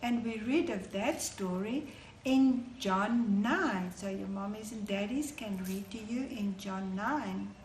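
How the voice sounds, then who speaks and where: A woman's voice: mid-range voice, reverberant, slight background noise. A woman telling a Bible story to children as a storyteller. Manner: slow, warm-toned teaching to children. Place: church hall.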